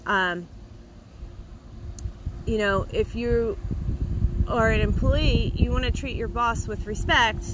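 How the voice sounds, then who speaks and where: A woman who grooms dogs for a living, giving her blunt opinions straight to the viewer in a casual monologue, emphatic and animated. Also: mid-range voice, noisy background. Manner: animated, mocks complaints in a put-on voice. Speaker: dog groomer and video host.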